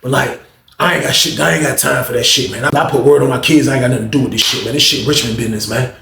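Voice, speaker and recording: A man's voice: medium pitch, very fast, vocal fry, bright, forceful tone, pitched below the performer's own voice. A man voicing a weary male inmate who bluntly and profanely refuses to get involved, in a roomy echo. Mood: fed up.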